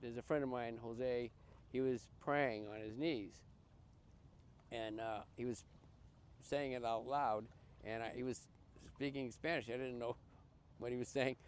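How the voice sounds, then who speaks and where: An older man from Massachusetts, a podcast guest, tells his life story in an earnest, halting way, often restarting and repeating words. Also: medium pitch, steady tone, a little hiss or hum. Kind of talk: personal life story in conversation.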